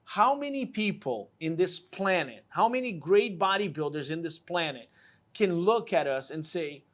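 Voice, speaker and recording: High-voiced enthusiastic male host. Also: lively intonation, moderate pace, a bit bright. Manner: enthusiastic, repeats words for emphasis. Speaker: show host. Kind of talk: casual interview chat.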